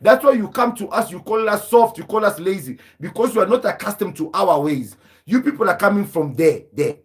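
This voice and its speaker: Guy ranting on his stream, kinda higher voice, combative and preachy, keeps repeating himself. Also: animated, brisk, slightly rough. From southern Africa. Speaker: live stream host. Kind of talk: heated live stream rant.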